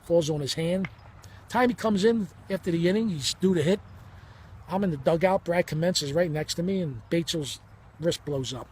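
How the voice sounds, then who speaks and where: A man's voice: fairly high pitch, moderate pace, darkish tone, a little hiss or hum. A man in his fifties telling a personal story in a heated, blunt and profane way, acting out the dialogue as he goes. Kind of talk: emotional first-person storytelling.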